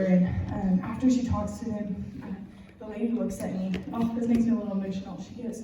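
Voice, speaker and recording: A woman's voice: mid-range voice, brisk, noisy background. A young woman from Texas with a Texan accent gives a youth-group sermon, telling a personal story in an earnest, candid, chatty way. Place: church youth room, recorded from a distance. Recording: echoey room heard from far off.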